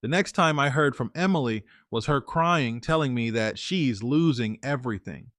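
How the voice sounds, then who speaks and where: A man's voice: medium pitch, expressive, normal speed, fairly bright tone, no echo, clean studio sound. A man hosting a story channel, narrating in the first person and then giving casual, plain-spoken advice. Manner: conversational, plain-spoken, with fillers and restarts.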